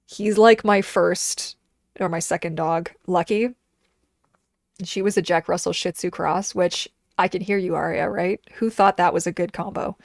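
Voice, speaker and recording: A woman in her thirties streaming and chatting casually, telling animated stories and acting out the voices of people and her dogs. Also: fairly low pitch, no room sound, studio quality. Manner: animated storyteller, acts out quoted voices. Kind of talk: casual chat.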